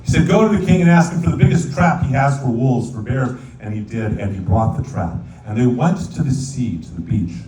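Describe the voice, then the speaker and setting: A rabbi telling a folk tale as a sermon, lively and playful, now and then singing verses in Hebrew. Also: male voice, medium pitch, a little fast, hardly any pauses. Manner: animated storyteller, sings Hebrew verses. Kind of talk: storytelling sermon. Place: synagogue sanctuary. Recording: echoey hall, distant mic, faint room noise.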